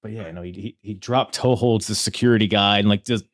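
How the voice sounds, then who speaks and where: A man hosting a podcast in casual chat, talking with animated quick asides and many fillers. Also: fairly low pitch. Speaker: podcast host.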